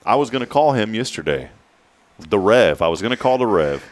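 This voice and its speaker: A man's voice: lowish voice, sing-song, fairly quick. A man hosting a morning talk show, chatting casually and jokingly, drawing out key words.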